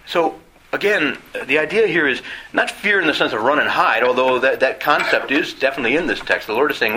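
A man's voice: medium pitch, fairly quick, bright, forceful tone, slight background noise, low-quality recording. A man teaching a conversational Bible study. He asks his listeners rhetorical questions and acts out quoted voices.

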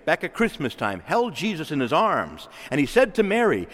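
A man, a priest, preaching an urgent, emphatic sermon full of rhetorical questions, and he calls himself a loudmouth. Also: fairly high pitch, huge pitch swings, moderate pace, hardly any pauses, long reverb tail. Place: church.

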